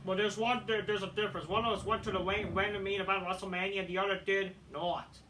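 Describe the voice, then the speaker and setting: A man's voice: high-pitched, little pitch movement, fast talker, bright, forceful tone, slight background noise, rough recording. A man reading a self-congratulating female wrestler promo. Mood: proud.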